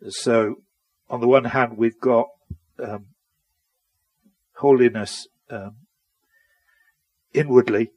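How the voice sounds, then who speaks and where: A man in a Bible study discussion who speaks in a measured, hesitant way, with many pauses and fillers. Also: mid-range voice, darkish tone, dry recording.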